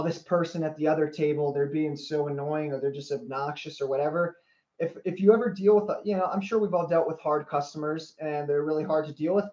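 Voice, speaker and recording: Earnest higher-voiced male coach on livestream. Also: mellow. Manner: earnest, repeats phrases, greets viewers by name. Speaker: life coach. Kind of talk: motivational livestream talk. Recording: roomy, slightly dull livestream audio.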